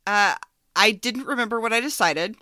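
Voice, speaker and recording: Bright clear-voiced woman, podcast cohost, chatty and earnest, says like a lot. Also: a little high, moderate pace, no echo, clean studio sound. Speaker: podcast co-host. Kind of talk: casual chat about a film.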